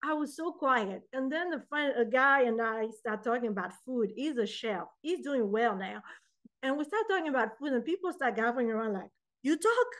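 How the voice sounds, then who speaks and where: Young woman poet, French accent, slightly high voice, animated interview storytelling. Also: moderate pace. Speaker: poet and author. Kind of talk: interview conversation.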